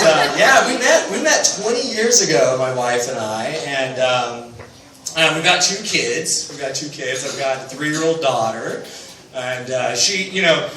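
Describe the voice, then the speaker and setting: A man's voice: medium pitch, slight background noise. A middle-aged man doing a live stand-up set, rambling, crude and self-mocking, calling out to the audience. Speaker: stand-up comedian. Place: comedy fundraiser venue with live audience. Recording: echoey room from far off with loud crowd.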